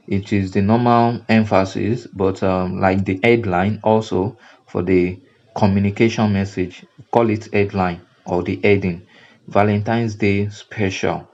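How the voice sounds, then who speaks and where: A man with a Nigerian English accent walks through a design tutorial at an unhurried pace, circling back over his words to stress each point. His voice sits low and mellow, and the recording has a dull, lo-fi sound. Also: steady tone. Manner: repetitive, emphatic teaching with fillers and restarts. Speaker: graphic design instructor. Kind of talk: screen-recorded software tutorial.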